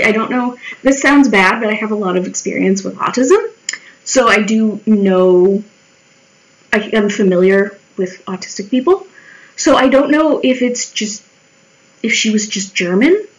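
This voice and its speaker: A woman's voice: mid-range voice, low-quality recording. A young woman chatting casually in a vlog while she draws, candid and swearing freely, often mimicking the people in her stories. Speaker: vlogger. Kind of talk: casual chat while drawing.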